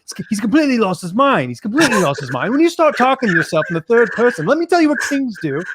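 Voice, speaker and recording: A man's voice: very high voice, sing-song, fast, heavy background noise, pitched above the performer's own voice. A man putting on a British accent to play a blustering middle-aged boxing promoter who scoffs at a beaten fighter. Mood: scoffing. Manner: exasperated, scoffing.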